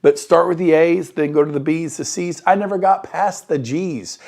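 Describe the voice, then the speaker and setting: An energetic man coaching real estate agents in a motivational talk, with a voice that sits a little high. He bursts into enthusiasm and acts out quoted phone calls to make his points. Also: normal speed, creaky. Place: Sacramento area.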